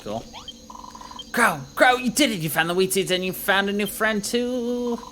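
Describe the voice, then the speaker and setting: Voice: medium pitch, moderate pace, sharp tone, soft background music. A gaming streamer making playful, jokey casual commentary while playing.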